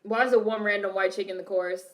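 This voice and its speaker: A woman's voice: medium pitch, fairly even intonation, fast. A woman streamer reacting to a film, chatting casually, laughing often and reading her chat aloud.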